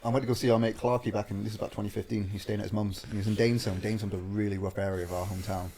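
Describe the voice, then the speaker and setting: A man's voice: on the low side, level tone, racing, dark tone, slight background noise. A man hosting a podcast, telling an anecdote in casual slang and swearing freely. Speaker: podcast host. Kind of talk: casual chat, storytelling.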